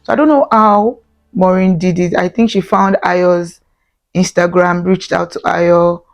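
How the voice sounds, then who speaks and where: A woman's voice: fairly low pitch, steady tone, a little slow, gravelly. Earnest woman telling her story. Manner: earnest, repeats phrases for emphasis. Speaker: vlogger. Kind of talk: emotional personal storytelling.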